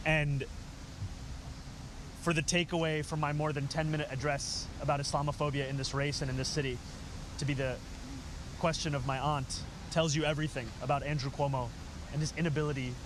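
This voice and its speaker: A man, a politician, giving a measured and pointed public speech. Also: on the high side, little pitch movement, background noise.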